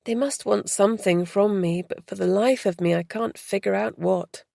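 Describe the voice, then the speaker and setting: A woman's voice: medium pitch, normal speed, gravelly, mellow, dry recording, studio quality. A woman voicing a puzzled woman who speaks in a reluctant, sighing way.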